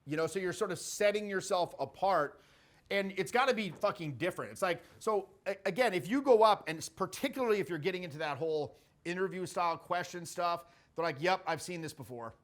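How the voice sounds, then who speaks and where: Cocky middle-aged guy coaching, cusses a lot, kinda high voice, acts out his openers. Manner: brash, profane, acts out sample lines. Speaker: social skills coach. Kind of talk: casual coaching talk.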